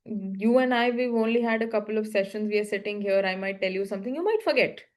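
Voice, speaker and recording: A woman's voice: mid-range voice, quick pace, darkish tone. A woman coaching a learner one-on-one, explaining patiently in short, repeated phrases. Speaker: English speaking coach.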